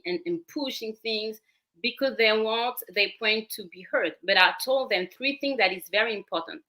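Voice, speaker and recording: A woman's voice: on the high side, bright, forceful tone. A woman with a French accent, a parenting coach explaining her method step by step as a guest on a talk show. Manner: explains step by step, repeating phrases.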